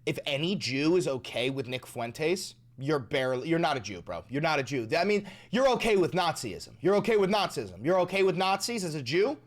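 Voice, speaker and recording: Reaction host, crude mocking heckles, lively pitch. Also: brisk, few pauses. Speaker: commentator reacting to clip. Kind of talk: profane reaction commentary.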